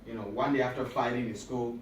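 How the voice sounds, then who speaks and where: A man speaking to high school students in a motivational talk. He is emphatic and repetitive and often asks the audience questions. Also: steady tone, quick pace, slight background noise. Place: school auditorium or hall. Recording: echoey room recorded from a distance.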